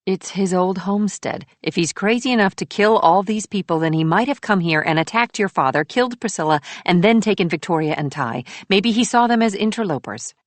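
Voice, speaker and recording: A tense female detective with a raised, urgent voice, as a male narrator puts her on. She fires questions quickly and pushes the case forward. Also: high voice, expressive, no room sound, voice pushed up.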